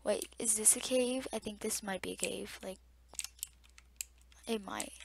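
A young woman giving casual gameplay commentary to viewers, chatty and easily startled, recorded at a desktop mic beside a loud keyboard. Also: medium pitch, unhurried, vocal fry, background noise. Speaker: gamer. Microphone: desktop mic near loud keyboard.

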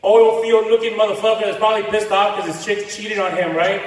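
A man's voice: high-pitched, flat delivery, fairly quick. Guy doing standup, cussing and switching into spanish, crowd laughing in a big echoey room. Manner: brash, profane, mixes Spanish slang into English. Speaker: stand-up comedian. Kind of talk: stand-up comedy set. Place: comedy club stage with a laughing crowd. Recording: far, echoey live hall with crowd.

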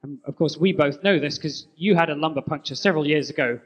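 A man co-hosting a live conference roundup, joking in a deadpan way. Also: fairly high pitch, quick pace, muffled recording. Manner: playful, deadpan jokes. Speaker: co-host.

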